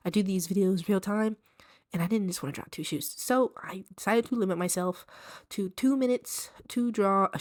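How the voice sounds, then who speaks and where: A woman's voice: medium pitch, darkish tone. A woman with a stuffy voice from allergies, chatting casually and self-deprecatingly in an art vlog as she draws. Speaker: art vlogger. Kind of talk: casual chat while drawing.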